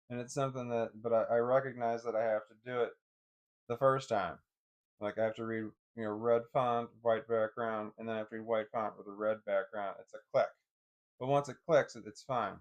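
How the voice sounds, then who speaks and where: A man on a live stream, thinking aloud in a halting way, often repeating words as he works through what he sees. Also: mid-range voice, steady tone.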